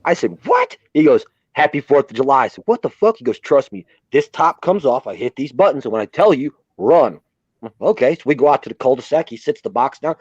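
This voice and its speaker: A man's voice: mid-range voice, animated, a little fast, a little mellow, breathy edge, dry recording, lo-fi sound. A man telling rowdy, profane stories on a live stream, acting out the quotes. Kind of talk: casual storytelling chat.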